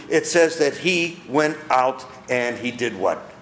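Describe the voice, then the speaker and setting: A man's voice: mid-range voice, lively intonation, slow, hardly any pauses, fairly bright tone, echoey room, a little hiss or hum. A man preaching a sermon as pastor, earnest, asking his listeners questions and repeating key phrases.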